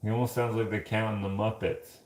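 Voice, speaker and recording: This man's voice sits on the low side, level and a little mellow, and he speaks briskly in a roomy-sounding space. He's a livestream host doing dishes in his kitchen at home, reading chat and joking with viewers, laughing frequently.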